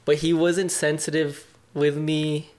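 A man's voice: a little high, flat delivery, slow pace, a little mellow. A young man talking openly as a podcast guest, reflective and casual, with lots of filler words and some swearing. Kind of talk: candid conversation.

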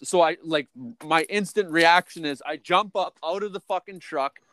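A man co-hosting a podcast, telling a long story in a profane, rambling, excitable way. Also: a little high, dry recording. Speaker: podcast co-host. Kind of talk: casual storytelling.

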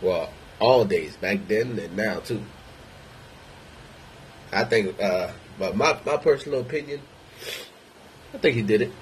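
A man's voice: on the low side, a little slow, long pauses, a little hiss or hum, rough recording. A man ranting in a casual monologue, rambling, blunt and heavy on profanity. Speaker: vlogger.

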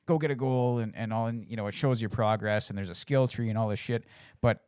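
A man's voice: lowish voice, a little fast, clear, resonant tone, no room sound, studio quality. A man telling a video game story in casual podcast chat, swearing often and acting out his reactions. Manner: swears a lot, animated storytelling.

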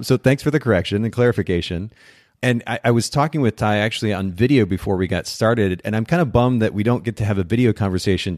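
A man's voice: on the low side, darkish tone, no echo, clean studio sound. Upbeat chatty man hosting a podcast. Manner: upbeat, chatty, self-correcting. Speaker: podcast host. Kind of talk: casual podcast interview.

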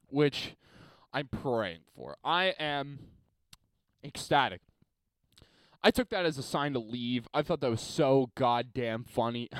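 A man's voice: mid-range voice, animated, slow pace, pauses often, no echo. A man hosting a podcast alone, telling a story in a rambling, profane way and laughing at his own tale. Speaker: podcast host. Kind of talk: casual solo podcast storytelling.

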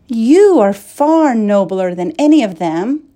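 A woman's voice: on the high side, expressive, slow, dark tone, voice pushed up. A woman voicing a passionate young princess who speaks pleadingly and emotionally, in a storybook reading.

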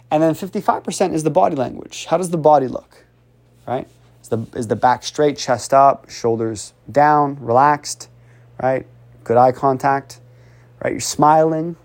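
Male self-improvement coach, energetic, constant check-ins, very animated voice. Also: fairly high pitch, moderate pace. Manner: swings voice up and down to demonstrate tone. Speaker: communication coach. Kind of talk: animated motivational teaching.

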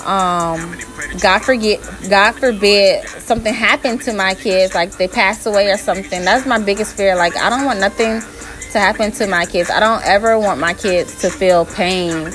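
A woman's voice: mid-range voice, fairly bright tone, faint music behind. A woman vlogger answering viewer questions in a candid, casual way. She speaks her mind plainly and often breaks into laughter. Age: adult mother. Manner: frank and opinionated, slow and deliberate, often breaks into laughter.

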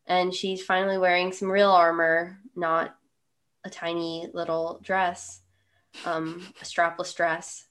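A woman in a casual chat, unhurried and drawn out in her delivery. She narrates the film's events and pokes fun at them with dry sarcasm. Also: lowish voice, a bit bright. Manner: sarcastic, mocking film commentary. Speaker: podcast co-host recapping a film.

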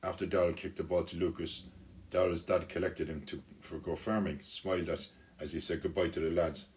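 A man telling a children's story aloud, unhurried, with small restarts. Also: low-pitched, steady tone, darkish tone.

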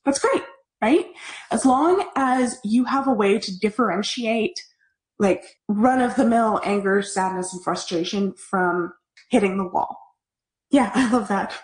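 A woman hosting a live online parenting class, talking in an animated, chatty way as she answers viewer comments. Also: medium pitch, a little slow. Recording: echoey room.

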